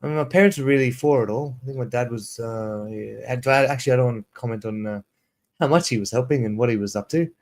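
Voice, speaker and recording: Speaking fast in a medium-pitched, slightly mellow voice, this South African ESL teacher in his thirties rambles through a casual livestream chat, restarting sentences as he reads prompts aloud.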